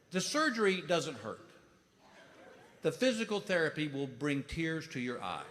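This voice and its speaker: Animated stand-up comedian, high lively voice. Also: male voice, moderate pace, long reverb tail. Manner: animated, acts out voices with big loud outbursts. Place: comedy stage before a laughing audience. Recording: live show with clear audience noise.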